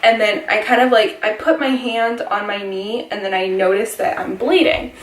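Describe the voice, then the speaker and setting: A woman's voice: medium pitch, moderate pace. A young woman vlogger casually telling a funny story, giggling and acting out what people said. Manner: giggly, animated retelling with quoted voices. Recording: echoey room, mic at a distance.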